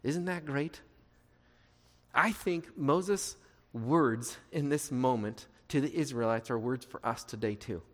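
Speaking slowly in a mid-range voice, a pastor gives a sermon in a reverberant hall, where the large space adds a long reverb. He preaches conversationally and with animation, posing rhetorical questions as he goes.

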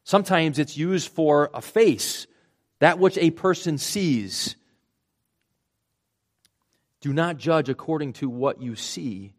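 A man's voice: fairly high pitch, slow pace, long pauses. A man with a Rhode Island accent delivers a sermon. He keeps it conversational, breaking each idea down step by step and adding asides along the way. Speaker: pastor.

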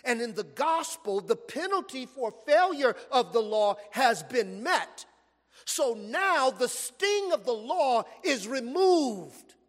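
Man, preacher, sermon, very high pitch, long reverb from a large hall, emphatic storytelling. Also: slow. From Los Angeles, USA. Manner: animated storytelling preaching, stretched emphatic phrases.

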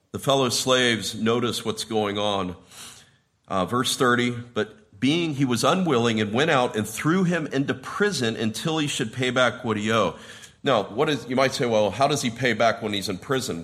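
A man's voice: lively intonation, measured pace, a bit bright. Man preaching a sermon. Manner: rises in pitch and volume when quoting the characters; explains word meanings in a teaching tone. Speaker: pastor.

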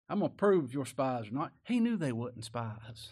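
A man's voice: medium pitch, sing-song, moderate pace, hardly any pauses, a little mellow. A man preaching a sermon in a folksy, conversational way, often asking rhetorical questions.

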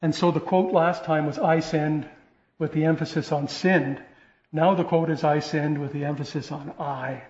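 A man preaching with earnest, rising emphasis and frequent restarts. His voice sits a little high for a man and carries a roomy echo. The recording is dull and lo-fi. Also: steady tone, moderate pace, a little mellow. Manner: earnest, repeats and restarts phrases, rising emphasis on key points. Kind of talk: sermon. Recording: echoey room, dull lo-fi sound.

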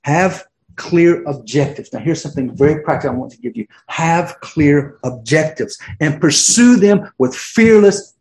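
A middle-aged pastor preaches in a loose, conversational way, circling back through fillers and restarts. His voice sits a little high for a man. The church echo rings around him. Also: darkish tone. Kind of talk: sermon. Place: church sanctuary.

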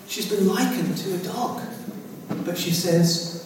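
A man preaching a sermon, slow and halting, often saying "as it were" and "dear friends". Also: a little high, animated, slight background noise. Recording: echoey hall from far off.

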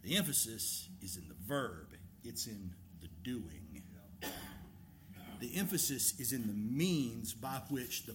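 A man preaching a sermon as a pastor, emphatic and animated, asking rhetorical questions. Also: mid-range voice, slight background noise.

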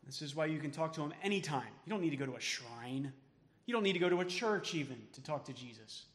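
A man preaching a sermon as pastor, emphatic, then dropping to soft tones for quoted words of comfort. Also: fairly high pitch, lively intonation, quick pace, in a large hall. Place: church sanctuary.

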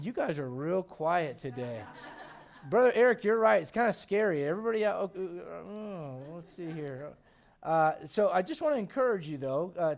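A man pastor preaching a casual, conversational sermon to his congregation and reading scripture aloud. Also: high-pitched.

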